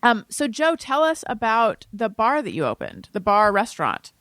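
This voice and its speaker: A woman's voice: fairly high pitch, huge pitch swings, moderate pace, a bit bright, no room sound. Woman host, chatty, self-deprecating, dry close sound. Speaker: podcast host. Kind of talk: casual chat.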